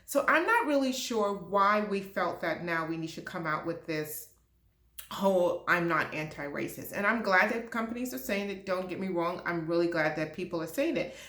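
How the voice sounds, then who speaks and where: A woman's voice: medium pitch, a bit bright, roomy sound. A woman speaking as an HR and diversity leader, talking to camera in a passionate, emphatic rant. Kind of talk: direct-to-camera talk.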